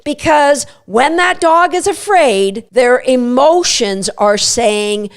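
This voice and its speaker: A woman hosting a dog training podcast, explaining dog emotions and sometimes speaking a dog's thoughts in a lower, softer voice. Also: animated, slow pace, clean tone. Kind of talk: instructional podcast talk.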